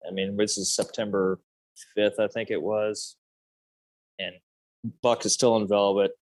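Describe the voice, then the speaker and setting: Male podcast guest, 30s, low pitch; loose storyteller leaning on fillers. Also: little pitch movement, a little slow, a little mellow, dry recording. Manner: loose and rambling, heavy on fillers and "dude". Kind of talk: casual storytelling.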